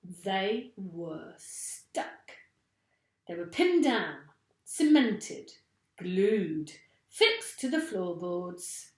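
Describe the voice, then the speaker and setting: A woman teacher reading a children's storybook aloud with expressive, deliberate delivery. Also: medium pitch. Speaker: primary school teacher. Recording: roomy echo.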